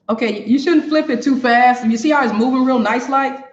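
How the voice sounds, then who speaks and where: A woman's voice: on the high side, unhurried, long pauses. Chatty woman hosting a kitchen stream. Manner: chatty, talks straight to viewers, laughs often. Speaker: cooking show host. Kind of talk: live-streamed cooking demo. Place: home kitchen. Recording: echoey kitchen, dull lo-fi sound.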